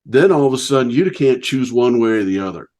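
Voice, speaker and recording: A man's voice: mid-range voice, lively intonation, brisk, a little mellow. A man hosting a podcast interview, reflecting on his guest's story with short, emphatic, affirming remarks. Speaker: podcast host. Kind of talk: interview conversation.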